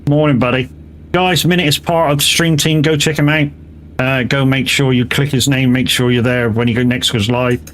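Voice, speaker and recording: A man talking loosely to his stream audience as he drives, his voice sitting at an ordinary middle pitch. He swears freely and breaks into laughs between remarks. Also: fairly even intonation, moderate pace, fairly bright tone, slight background noise. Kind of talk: casual live-stream chat while driving.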